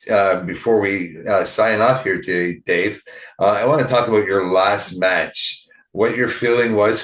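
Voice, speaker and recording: A man's voice: on the low side, fairly bright tone. A man hosting a podcast interview, giving brief reactions and laughing along with his guest. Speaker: podcast host. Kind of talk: casual interview. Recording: roomy echo.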